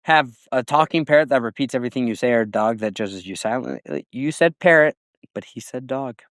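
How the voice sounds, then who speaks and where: A man's voice: mid-range voice, animated, a little fast, a bit bright, no room sound, clean studio sound. A man co-hosting a casual podcast who reads out quiz questions and chats. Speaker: podcast co-host, quiz reader. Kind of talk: casual chat.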